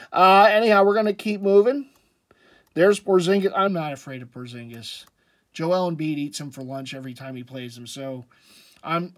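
A man casually commenting on sports jerseys in a chatty, rambling way, with jokey asides. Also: high-pitched. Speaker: sports jersey collector vlogger.

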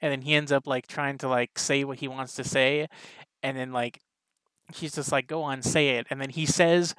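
A man's voice: mid-range voice, fairly even intonation, normal speed, fairly bright tone, clean tone, no room sound. A man reviewing an anime episode in casual, rambling talk, full of "like" and restarts. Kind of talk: casual reaction commentary.

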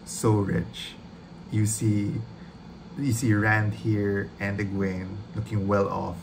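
A man reacts casually to a trailer in a slightly low voice, gushing and swearing as he rambles. His recording has clear background noise. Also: little pitch movement, takes it slowly. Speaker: reaction video host.

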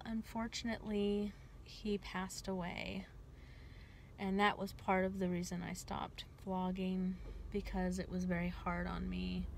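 A woman's voice: medium pitch, a little hiss or hum. A young adult woman chatting casually to her viewers from inside a car, laughing often. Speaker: vlogger. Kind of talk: casual vlog chat.

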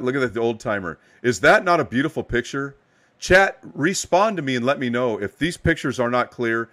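A middle-aged man hosting a live card-opening stream, giving upbeat, hyped shout-outs to chat viewers while a little tired. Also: medium pitch. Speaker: live card-break host.

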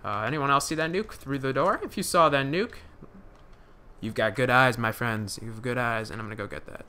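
A man's voice: medium pitch, normal speed, bright, forceful tone, clear, resonant tone. A young man giving live gameplay commentary, rambling with many fillers and restarts, swearing when startled. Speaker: gaming commentator.

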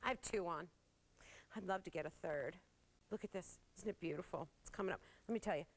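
A woman hosting a live TV shopping show, chatting warmly with callers and gushing over jewelry while laughing often. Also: lowish voice, fairly quick, low-quality recording. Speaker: shopping channel host. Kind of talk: live TV sales presentation. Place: TV studio.

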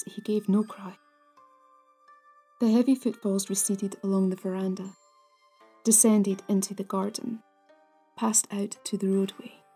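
A woman hosting a folklore podcast, narrating a ghost story in a hushed, half-whispered, deliberate way. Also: mid-range voice, breathy edge. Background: soft music.

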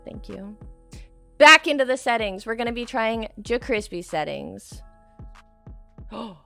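A young woman doing casual commentary while playing a shooter game, excitable and screaming often, laughing and swearing between calmer stretches. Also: on the high side, a little slow, gravelly, faint music behind. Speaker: gaming streamer.

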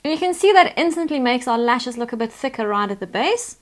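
A woman's voice: on the high side, animated, a little fast. A woman, chattily talking through a makeup tutorial step by step as the host. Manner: chatty, instructive, talks through each step.

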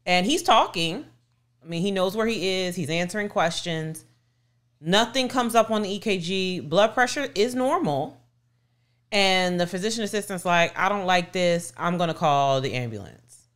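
Low-voiced woman telling a story. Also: normal speed. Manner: animated retelling, acts out quoted voices. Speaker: podcast co-host. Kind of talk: casual storytelling chat.

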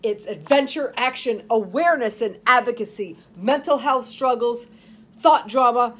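Speaking at a normal speed in a fairly high register, a woman in her fifties performs her own novel aloud with drama. She works as a nurse and writes, and between chapters she drifts into casual podcast chat.

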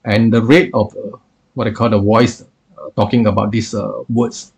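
A man reviewing software in a screen-recorded tutorial, explaining with many hesitations and filler phrases. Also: on the low side, level tone, normal speed, vocal fry, slightly rough.

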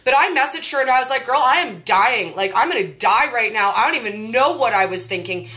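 Chatty, bright-voiced woman in her forties. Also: on the high side, expressive, fairly quick. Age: 40s. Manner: chatty, self-mocking storyteller, says "like" a lot. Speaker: host running a keto support group. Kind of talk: casual chat.

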